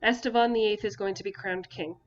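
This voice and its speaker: A woman voicing a desperate, grieving father who rules a land at war, speaking hoarsely and pleading. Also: medium pitch, fairly even intonation, a little fast, lo-fi sound, faint music behind, lightly acted. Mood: grave. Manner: pleading, near breaking.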